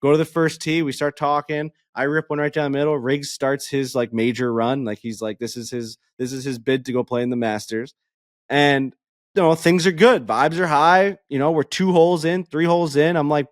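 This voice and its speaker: Man, podcast co-host, lively swearing story, dry close sound. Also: on the high side, normal speed, dry recording. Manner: animated, profane, acts out quoted exchanges. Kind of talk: casual storytelling chat.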